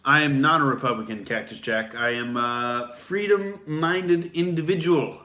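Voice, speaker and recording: A man's voice: medium pitch, measured pace, bright, forceful tone. A young man hosting a profane, sarcastic political rant, rambling with fillers. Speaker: comedian host. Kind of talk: ranting livestream commentary.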